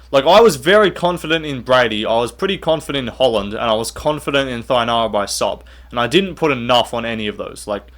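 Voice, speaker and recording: A man's voice: medium pitch, fairly bright tone. A young man rattles off opinions in an offhand, blunt rant. He swears freely and pads his sentences with "like" and "bro", speaking in an ordinary mid-range male voice. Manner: blunt, swears often, says "bro", many fillers. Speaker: MMA commentator and channel host. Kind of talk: casual commentary rant.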